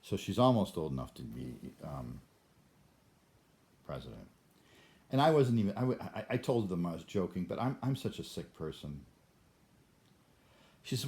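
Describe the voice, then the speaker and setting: A man's voice: sits low, big pitch swings, normal speed, pauses often, a little mellow. An older man talking to the camera in a rambling monologue, often stammering and restarting his sentences. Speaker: vlogger.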